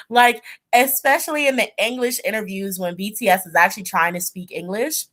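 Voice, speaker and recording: Chatty animated woman livestream host. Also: fairly high pitch, brisk, few pauses. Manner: animated, laughing, chatty storytelling. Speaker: tarot channel host. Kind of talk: casual livestream chat.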